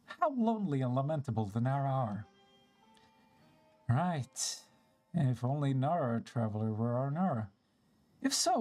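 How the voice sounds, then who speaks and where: An old, wistful little forest spirit speaks in a slow, storybook lilt, voiced by a streamer reading a game aloud. The pitch rises and falls widely from phrase to phrase, and faint game music plays behind. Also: a little mellow.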